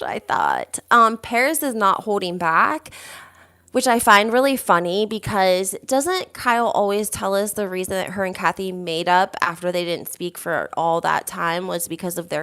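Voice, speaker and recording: A woman hosting a casual reality TV gossip chat, reading out viewer comments in a chatty, animated way, full of fillers. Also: medium pitch.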